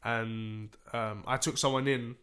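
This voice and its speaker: A man's voice: medium pitch, fairly even intonation, unhurried, fairly bright tone. A young man, a podcast guest telling a story in casual slang, swearing freely and acting out dialogue.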